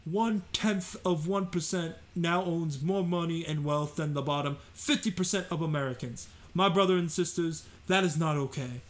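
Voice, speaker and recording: A man doing an impression of a fiery elderly male senator with a Brooklyn accent, ranting loudly. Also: fairly high pitch, moderate pace, hardly any pauses, close to an everyday voice. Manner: shouty, ranting, waving hands.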